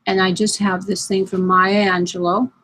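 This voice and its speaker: A woman's voice: medium pitch, little pitch movement, normal speed, a bit bright, slight background noise. A woman school counselor chatting on a video call, reflective and searching for words. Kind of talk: casual online chat.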